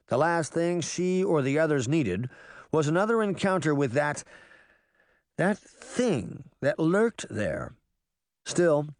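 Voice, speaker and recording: A man's voice: no room sound, studio quality. A man reading a children's fantasy novel aloud as a scripted audiobook, telling the story expressively. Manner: expressive storytelling, varied pitch.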